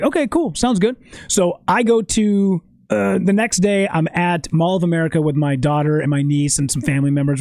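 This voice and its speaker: A man telling a story in a casual podcast chat, animated and swearing often. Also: sits high, no echo. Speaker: podcast guest.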